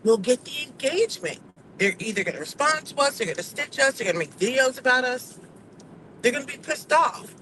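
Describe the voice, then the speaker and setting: A woman vlogger talking casually to camera, giving her opinions in an animated, emphatic and sassy way. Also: high voice, fairly quick, a little hiss or hum, rough recording.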